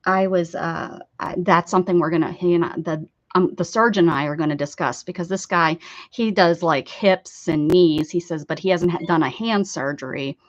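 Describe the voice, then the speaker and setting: A woman's voice: fairly low pitch, normal speed. Chatty American woman, casual art stream, rambling and laughing, slightly dull lo-fi audio. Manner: chatty, rambling, laughs often and reads viewer comments aloud. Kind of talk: casual live-stream chat.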